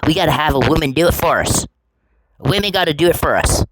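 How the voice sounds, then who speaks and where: A woman's voice: low voice, lively intonation, quick pace, pitched above the performer's own voice. A woman mimicking scheming male plotters in a mocking, sing-song parody voice. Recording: noisy with clicks.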